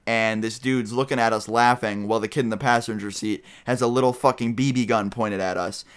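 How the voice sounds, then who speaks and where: A man's voice: medium pitch, fairly bright tone, smooth. A young man vlogging a casual storytime, rambling and swearing freely as he retells events to his viewers.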